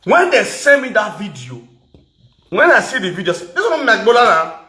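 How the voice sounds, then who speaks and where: A man with a Nigerian accent giving an animated, mocking rant to camera, mixing Pidgin and local words and laughing as he goes. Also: high-pitched, normal speed, reverberant. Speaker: social media personality.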